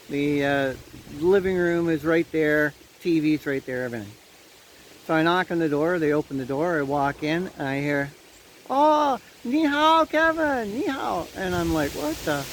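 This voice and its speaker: A man's voice: a little high, rough recording. A man from Canada telling a personal story in a casual, chatty vlog, laughing at his own tale, recorded outdoors in the wind. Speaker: vlogger. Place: outdoors on a windy day. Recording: light wind noise outdoors.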